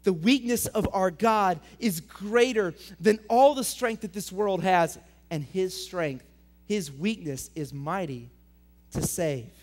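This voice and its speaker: A young adult man preaching to middle schoolers as their pastor, energetic, swinging between loud emphatic lines and quiet intense questions. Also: high voice. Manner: reads scripture aloud, asks students direct questions. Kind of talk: youth sermon.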